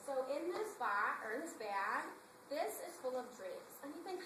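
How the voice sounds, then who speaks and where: A woman giving a chatty sales pitch at a meeting, telling stories and asking the audience questions. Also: very animated, moderate pace. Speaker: sales director recruiting at a meeting. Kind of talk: animated sales presentation to a group. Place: meeting room before an audience. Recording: echoey room with noise.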